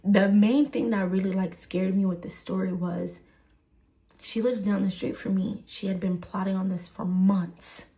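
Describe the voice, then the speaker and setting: A woman's voice: medium pitch, steady tone, measured pace, dark tone. A woman telling a personal story to the camera, stressing points by repeating words. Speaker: storyteller in a shared clip.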